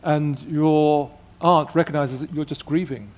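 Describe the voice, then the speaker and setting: A man with a fairly high speaking voice leads the interview. He is gentle and encouraging and keeps the talk going with frequent quiet affirmations. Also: steady tone, a little slow. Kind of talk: conversational interview.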